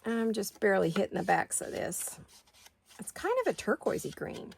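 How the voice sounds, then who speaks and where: A middle-aged woman hosts a craft video, chatting casually with viewers and talking to herself as she works. Her mid-range voice swings widely in pitch at normal speed, with vocal fry and slight background noise.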